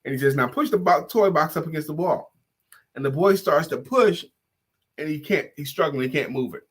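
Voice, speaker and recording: A man co-hosting a talk show, chatting casually and telling animated stories. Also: a little high, a little fast, breathy edge. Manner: animated storyteller, acts out voices in jokes and stories. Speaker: podcast co-host. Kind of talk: casual chat with storytelling.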